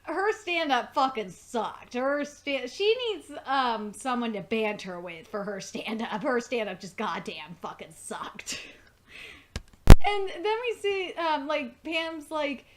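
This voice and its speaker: A woman's voice: high-pitched, animated, slow pace, few pauses, a little hiss or hum. A woman casually recapping a TV episode, rambling and profane, full of fillers. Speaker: TV episode reviewer.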